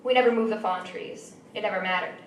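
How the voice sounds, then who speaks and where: A young woman reading her own short story aloud at a live event, in a measured, dry storytelling manner. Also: medium pitch, slight background noise. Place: small venue. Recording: roomy, distant mic with faint ambience.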